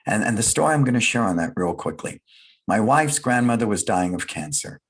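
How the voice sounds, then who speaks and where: A man's voice: on the low side, lively intonation, brisk, breathy edge. A middle-aged man giving a motivational fireside talk, earnest and emphatic, repeating his key phrases. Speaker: guest speaker, business leader.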